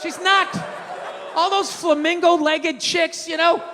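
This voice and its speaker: A male stand-up comedian rants with profanity and bursts of shouting. His voice sits very high for a man. It carries through a reverberant hall, with a live crowd and steady noise behind him. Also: takes it slowly.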